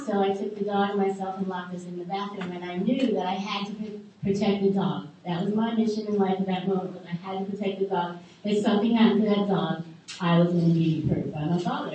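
A middle-aged woman candidly telling her life story to a live group, halting often and adding wry asides. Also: medium pitch, a little mellow, dull audio, slight background noise. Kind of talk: personal testimony to a live group. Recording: echoey room heard from a distance.

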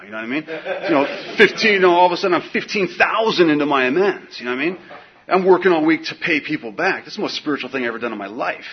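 A middle-aged man sharing his recovery story at a meeting, in a casual, slangy, animated way with lots of fillers. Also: mid-range voice, husky. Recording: dull lo-fi recording.

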